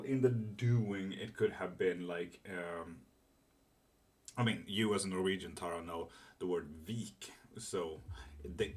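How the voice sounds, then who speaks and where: Low-voiced man chatting on a live stream. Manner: rambling, chatty, swears casually, many fillers. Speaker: tarot reader streaming live. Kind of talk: casual live-stream chat reading comments.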